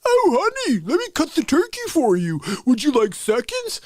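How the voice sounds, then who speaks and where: A man voicing a sweet, doting housewife serving Thanksgiving dinner in a falsetto. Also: huge pitch swings, normal speed, darkish tone, no echo, heavily acted. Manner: fussing, sweet, high falsetto.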